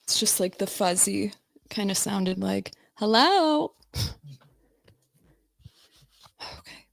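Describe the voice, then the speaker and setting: A woman's voice: mid-range voice, monotone, takes it slowly, gravelly, dry recording. A woman hosting a casual livestream, chatting loosely with viewers while she fiddles with her audio settings. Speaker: livestream host.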